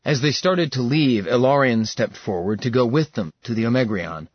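A man narrating an audiobook in a measured storytelling style. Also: medium pitch, slightly rough, no room sound. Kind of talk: scripted narration. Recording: dull slightly lo-fi dry recording.

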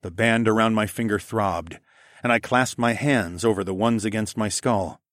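A man's voice: fairly low pitch, moderate pace, a bit bright, no room sound, clean studio sound. A man narrating a first-person fantasy audiobook expressively, acting out the dialogue.

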